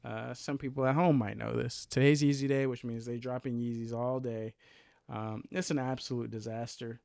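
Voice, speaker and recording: Gravelly laid-back podcast guy. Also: medium pitch, level tone, normal speed, a little mellow, no room sound. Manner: laid-back, rambling with fillers. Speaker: podcast co-host. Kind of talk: casual chat.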